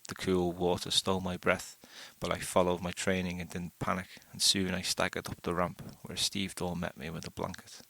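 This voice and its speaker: A man reading a first-person short story aloud in a steady, unhurried way. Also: low-pitched, vocal fry, dry recording. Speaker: audiobook narrator.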